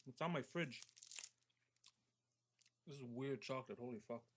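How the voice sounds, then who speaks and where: A man's voice: mid-range voice, normal speed, background noise. Crude, laid-back male co-host. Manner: crude, laughing, swears freely. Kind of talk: casual chat on an internet radio show.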